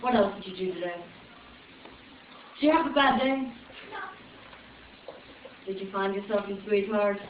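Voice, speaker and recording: A woman's voice: medium pitch, unhurried, pauses often, slight background noise, lightly acted. A young woman putting on an Irish accent, teasing the crowd as a joking Irish woman who calls people sweetheart. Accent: put-on Irish. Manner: teasing crowd work, pet names. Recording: echoey room, far off, dull lo-fi.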